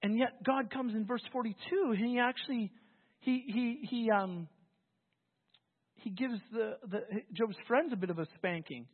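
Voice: medium pitch, unhurried. A pastor preaching a sermon in a conversational, storytelling way, often restarting phrases. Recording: phone-like, with long hall reverb.

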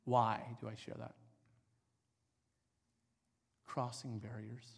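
A middle-aged man preaching a sermon, telling a personal story in an animated, rambling way with many fillers. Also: medium pitch, normal speed, creaky, slightly rough. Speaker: pastor. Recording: long hall reverb.

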